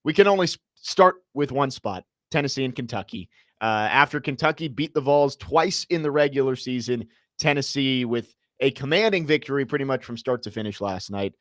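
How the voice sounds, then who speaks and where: A man hosting a sports radio show, leading the talk and taking callers in a brisk, upbeat way with frequent fillers. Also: mid-range voice, lively intonation, a bit bright, dry recording, studio quality. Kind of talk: radio hosting and live read.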